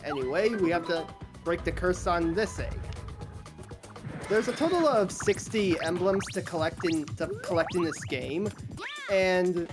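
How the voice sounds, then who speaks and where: A woman with a somewhat low voice talks through a video game in easy, casual commentary. She explains as she goes and keeps restarting her phrases. Game music plays clearly underneath. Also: animated, unhurried. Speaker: game player. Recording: music playing behind.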